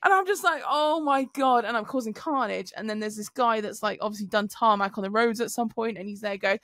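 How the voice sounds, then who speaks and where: A woman on a podcast, telling an animated story with swearing. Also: medium pitch, quick pace, no room sound. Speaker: podcast co-host. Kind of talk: casual chat.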